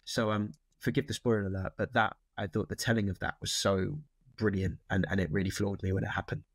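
A man chats as an interview guest, his voice sitting low and recorded close and dry. He wanders through his thoughts, restarting sentences as he goes. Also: little pitch movement, fairly quick, dry recording. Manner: thoughtful, rambling with many restarts. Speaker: actor guest. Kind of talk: casual interview chat.

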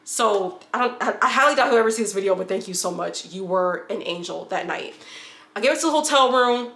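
Bright-voiced woman telling a candid story. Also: medium pitch, expressive, fairly quick, reverberant. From upstate New York. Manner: candid, rambling, swears freely. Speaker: vlogger. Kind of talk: casual storytime vlog.

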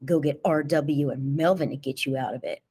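A woman voicing a wary, blunt teenage boy who speaks curtly in a hushed voice. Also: sits low, normal speed, slightly rough. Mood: cold.

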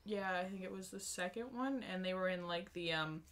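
A young woman trades stories on a casual podcast, her voice sharp and bright. She giggles often and launches into animated retellings. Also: on the low side, a little fast. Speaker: podcast guest. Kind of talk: casual chat.

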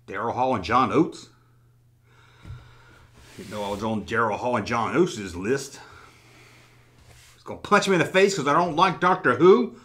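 A man's voice: mid-range voice, lively intonation, moderate pace, long pauses, fairly bright tone. A man hosting a casual vlog who talks with sarcastic jokes and swears freely. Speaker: toy collecting YouTuber. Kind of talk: casual vlog, reading comments.

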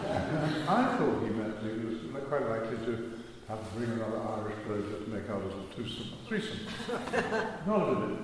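A man's voice: medium pitch, animated, moderate pace, a little hiss or hum. An older man telling a wry, self-mocking story as a speaker in a church. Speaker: speaker giving a testimony talk. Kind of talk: storytelling talk. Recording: echoey church hall.

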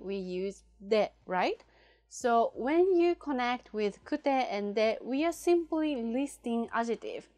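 Speaking in a slightly high voice, a woman whose first language is Japanese leads a relaxed language lesson, patiently saying example phrases again, slowly and clearly.

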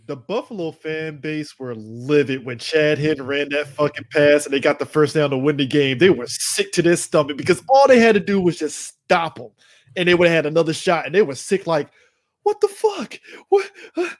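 A man's voice: on the high side, a little fast. A man co-hosting a casual sports podcast, swearing freely and laughing as he recaps football games. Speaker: podcast co-host.

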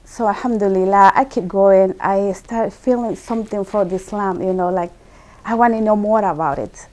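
A woman tells her own story as a guest, her English simple and non-native in its phrasing. She speaks earnestly and with feeling, often repeating words for emphasis. Her voice sits at an ordinary middle pitch. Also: normal speed, a little mellow. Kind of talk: personal testimony storytelling.

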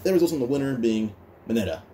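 Fast, stumbling male fan-story narrator. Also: medium pitch, animated, mellow. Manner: fast, stumbling, many restarts. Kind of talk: casual retelling of a fan story.

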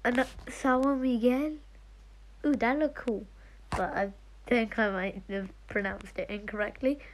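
A woman's voice: a little high, unhurried, slight background noise, rough recording. A woman giving casual, giggly gameplay commentary, muttering half to herself as she scrolls through a game. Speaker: gaming streamer.

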